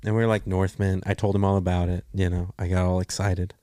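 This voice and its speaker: A man with a fairly low voice, recorded close and dry with no room sound. He chats casually on a podcast about films, and when he tells a story he acts out the quotes with lively energy. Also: fast talker, no room sound. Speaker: podcast co-host. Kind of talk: casual movie review chat.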